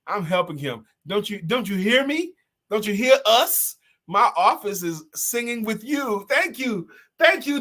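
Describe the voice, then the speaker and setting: A middle-aged man hosting a live talk show, reading out viewer comments and singing short jingles in an animated way. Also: a little high. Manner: animated, sing-song jingles, bursts into shouts. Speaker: host.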